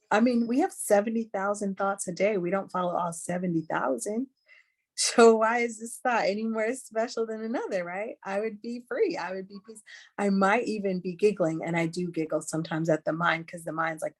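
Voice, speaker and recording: A woman's voice: mid-range voice, steady tone, normal speed. A middle-aged woman giving a candid, chatty teaching talk on a video call, earnest and full of fillers. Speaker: webinar speaker.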